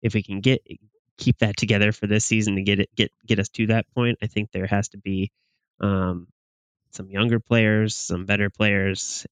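A man co-hosting a podcast, giving halting opinions on football with many restarts. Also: fairly low pitch, clean tone, no room sound. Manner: halting, restarts often, flat delivery. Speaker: podcast co-host. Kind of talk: casual sports chat.

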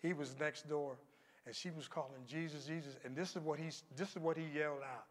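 High-pitched male preacher, church sermon, quiet storytelling rising to shouts; echoing sanctuary. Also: fairly even intonation, a little fast. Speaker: pastor. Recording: long hall reverb.

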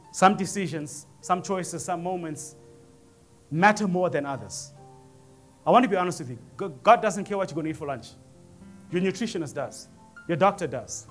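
A male pastor preaching a sermon, telling a story with lively acted-out quotes and rising calls to the congregation. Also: high-pitched. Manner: animated storytelling preacher, acts out voices in quotes. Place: church.

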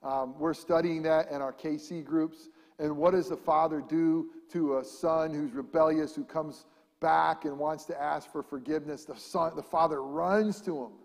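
A man's voice: a little high, fairly even intonation, normal speed, gravelly. A man preaching a sermon as pastor, impassioned, repeating rhetorical questions and building to emphatic peaks. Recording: long hall reverb.

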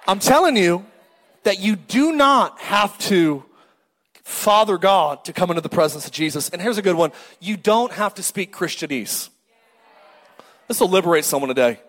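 A middle-aged male pastor preaching a lively, joking sermon and calling out to the congregation. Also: sits high, moderate pace, long reverb tail. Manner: animated, joking, calls for crowd response.

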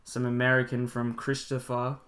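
A man's voice: mid-range voice, monotone, moderate pace, a bit bright. A young Australian man on a film-review podcast, rambling and tripping over names as he makes his point. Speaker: podcast co-host. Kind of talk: casual film-review chat.

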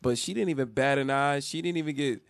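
A man from Jersey City telling a funny childhood story on a podcast, animated and laughing often. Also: mid-range voice, fast talker, vocal fry, no echo, clean studio sound. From Jersey City, New Jersey. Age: adult with child. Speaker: podcast co-host. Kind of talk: casual comedic storytelling. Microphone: studio mic.

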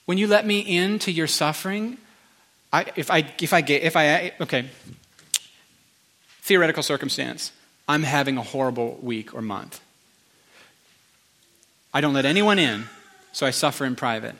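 Earnest, bright-voiced man preaching. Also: fairly high pitch, moderate pace, long pauses. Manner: earnest, emotional, conversational preaching with restarts. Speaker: pastor. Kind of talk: sermon.

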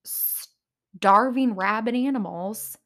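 A woman's voice: a little high, slow, fairly bright tone. Candid woman chatting about reality TV. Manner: candid, opinionated, laughs at herself. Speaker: podcast host. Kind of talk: casual reality TV commentary.

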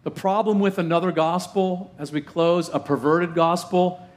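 A man preaching from the pulpit in a fairly high voice. He asks question after question, repeats lines for emphasis, and drags out key phrases to drive them home. Now and then he drops in a joke at his own expense. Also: steady tone. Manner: rhetorical questions, emphatic repetition, dramatic pauses; slows down heavily to stress key phrases. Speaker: pastor. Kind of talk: sermon.

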